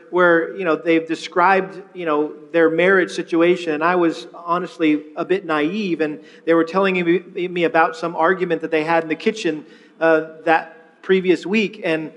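A man's voice: sits high, long reverb tail. A man preaching as a pastor, conversational and storytelling, often repeating words as he restarts. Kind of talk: sermon-style teaching on marriage.

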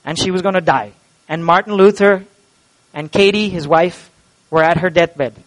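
A man preaching an Easter sermon in a church and leading a closing prayer, impassioned and swinging from loud to hushed. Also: sits high, moderate pace, low-quality recording. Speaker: pastor. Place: church sanctuary.

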